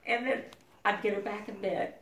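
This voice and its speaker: A middle-aged woman telling family memories in a halting, casual way, full of fillers and acted-out quotes. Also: mid-range voice, fairly even intonation, a bit bright, reverberant.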